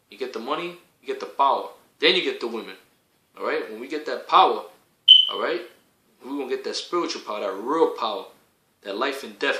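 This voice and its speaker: A man delivering a heated, profane preaching rant, repeating himself and rising to shouts. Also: medium pitch, reverberant, rough recording.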